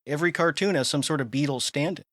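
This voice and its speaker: A man co-hosts a talk show and chats eagerly about pop culture. His voice sits a little high. It sounds dry and close to the mic. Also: fast, a bit bright, dry recording. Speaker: podcast co-host. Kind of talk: casual chat.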